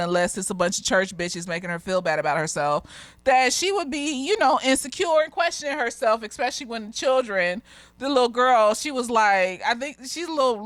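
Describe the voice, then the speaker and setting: A woman with a fairly high, very animated voice rambles through a casual TV review. She is candid and profane, and she breaks into laughter often. The sound is dry and close, with no room echo. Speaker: therapist reviewing a TV episode. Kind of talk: casual tipsy review chat.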